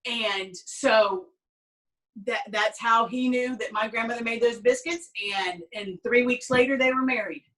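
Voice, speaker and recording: A Southern American woman leads a cooking class, chatting folksily with lots of fillers and weaving in family stories. Her voice is fairly high, a bit bright and a little slow, and she sounds somewhat distant from the mic.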